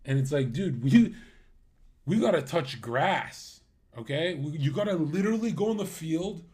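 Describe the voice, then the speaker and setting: A young man ranting crudely on a livestream, mocking his viewers and swinging between loud outbursts and muttered asides. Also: on the high side, animated, moderate pace.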